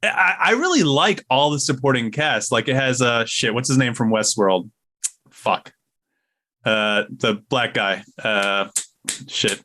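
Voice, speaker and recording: Bright-voiced laughing man. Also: mid-range voice, animated, a little slow. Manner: laughs often, searches for names. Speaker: podcast co-host. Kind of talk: casual chat.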